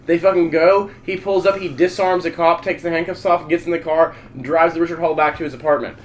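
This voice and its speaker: A man hosting a podcast, telling a story in casual chat, profane, rambling and excitable. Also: fairly high pitch, fairly quick. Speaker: podcast host.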